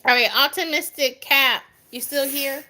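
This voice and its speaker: A woman's voice: high voice, steady tone, a little slow, sharp tone. A young adult woman doing a live tarot reading, chatting with viewers by name in a goofy, easygoing way and laughing often. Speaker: tarot reader.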